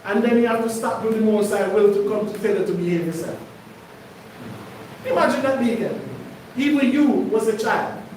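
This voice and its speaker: A man's voice: high voice, normal speed, long pauses, darkish tone, a little hiss or hum. A man preaching to his congregation, emphatic and conversational, often putting questions to the listeners. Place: congregation hall. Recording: echoey room, mic far off.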